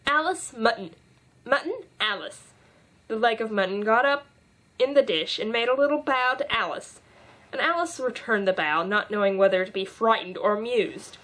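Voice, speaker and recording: A woman's voice: fairly high pitch, normal speed, a bit bright. Woman reading a children's classic aloud. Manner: reads with occasional stumbles and restarts. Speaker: volunteer reader. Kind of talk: audiobook narration.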